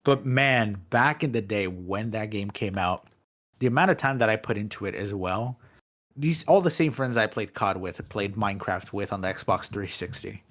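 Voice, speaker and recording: A man co-hosting a gaming podcast, chatting in an animated, joking way and swearing casually. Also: on the low side, moderate pace. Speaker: podcast co-host. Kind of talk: casual chat.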